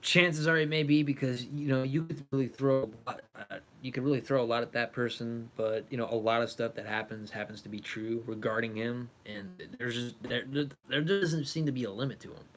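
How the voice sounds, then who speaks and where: A man's voice: mid-range voice, fairly even intonation, brisk, few pauses, a bit bright. A young man hosting a casual livestream, coaxing and fussing over his cat in an affectionate voice. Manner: coaxing, affectionate pet talk. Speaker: livestream host.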